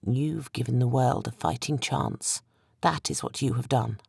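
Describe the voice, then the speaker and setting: A woman narrator as a gentle queen comforting her husband, hushed and quiet. The storybook voice is soft and tender. The recording is dry and close. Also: rumbling low, measured pace, gravelly, husky, dry recording, exaggerated voice.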